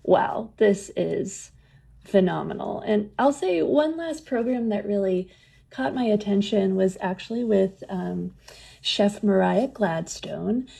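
As a guest in a conversational interview, a museum program leader shares enthusiastic stories, laughing frequently. She speaks a little slowly, with a warm, husky, medium-pitched voice and vocal fry.

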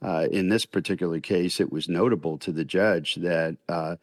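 Deep-voiced older man, measured and deliberate. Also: steady tone, no room sound, studio quality. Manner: measured and deliberate, frequent "uh" pauses. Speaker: retired federal judge, interview guest. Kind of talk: radio news interview.

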